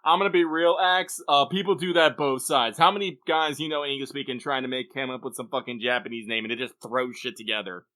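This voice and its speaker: A man's voice: mid-range voice, fairly even intonation, a little fast, few pauses, sharp tone. A man co-hosting a casual podcast chat, blunt and loose, swearing freely. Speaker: podcast co-host.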